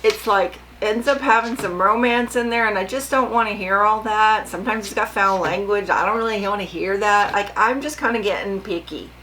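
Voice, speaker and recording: A woman's voice: mid-range voice, moderate pace, hardly any pauses, pushed and bright, a little hiss or hum, low-quality recording. An older woman vlogging casually about her sewing, chatty and rambling, often asking her viewers questions.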